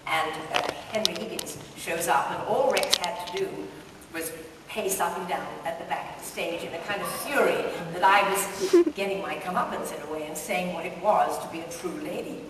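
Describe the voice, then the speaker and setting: A woman's voice: lowish voice, moderate pace, a crowd in the background. An older woman telling amused, self-deprecating stories as a guest at a live interview, laughing often. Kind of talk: anecdotal storytelling at a live interview. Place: large hall at a book festival with an audience. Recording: distant, echoey hall recording.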